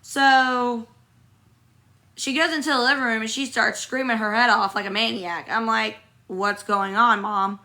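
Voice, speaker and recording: A young woman, hoarse from being sick, talks straight into her phone during a livestream from a hotel room. Her voice is bright and forceful, and her talk is blunt and profane, rambling from one grievance to the next while she answers the comment feed. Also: a little high, moderate pace. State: hoarse from illness. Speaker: livestreamer reading viewer comments. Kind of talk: casual livestream venting.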